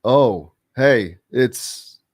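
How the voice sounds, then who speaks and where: A man's voice: mid-range voice, expressive, very slow. A man hosting a sports radio show, chatting casually and animatedly with a guest.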